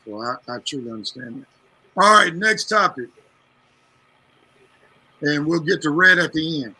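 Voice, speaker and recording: Male sports host, high, very bright voice, brisk and directing. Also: expressive, breathy edge. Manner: brisk, steering topics. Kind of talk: moderating a sports talk show.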